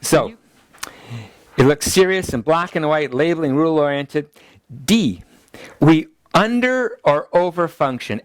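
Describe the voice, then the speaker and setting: A middle-aged man, a pastor, teaching a class in a relaxed, chatty way and laughing at his own family stories. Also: on the high side, no echo. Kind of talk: teaching lecture with family anecdotes.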